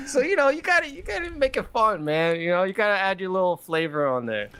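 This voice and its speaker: Excitable high-voiced man chatting. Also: moderate pace, crowd noise. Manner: excitable, laughing, playful. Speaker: podcast guest, Halo content creator. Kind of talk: casual podcast chat.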